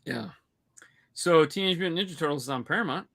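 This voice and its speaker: A man's voice: fairly high pitch, quick pace, gravelly, a bit bright. A man co-hosting a podcast, chatting casually about movies and telling rambling stories with lots of restarts. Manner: rambling, full of restarts and storytelling. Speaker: podcast co-host. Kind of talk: casual movie-review chat.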